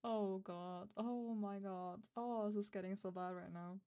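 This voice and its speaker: Flustered woman streamer with vocal fry. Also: mid-range voice, fairly even intonation, a little slow, warm tone, muffled recording. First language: not English. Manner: hesitant, flustered, self-interrupting asides. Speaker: streamer host. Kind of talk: reading fan fiction aloud and chatting with viewers.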